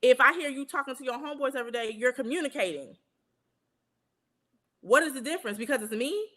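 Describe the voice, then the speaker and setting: A woman's voice: sits high, lively intonation, fast, sharp tone. A woman co-hosting a casual podcast chat, talking earnestly and emphatically and often checking that listeners follow her. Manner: earnest, emphatic, often asks "you understand what I'm saying?". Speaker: podcast co-host.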